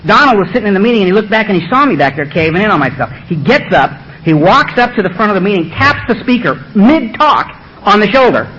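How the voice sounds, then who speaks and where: A middle-aged man telling his recovery story to a meeting, animated and acting out the voices of others. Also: high voice, fast, lo-fi sound, a little hiss or hum. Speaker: AA speaker. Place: meeting room with audience.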